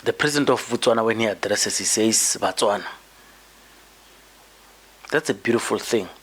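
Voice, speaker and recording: A man's voice: fairly low pitch, moderate pace, husky. A man hosting a podcast, delivering an emphatic political commentary monologue and often repeating words as he builds his point. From South Africa. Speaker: podcast host.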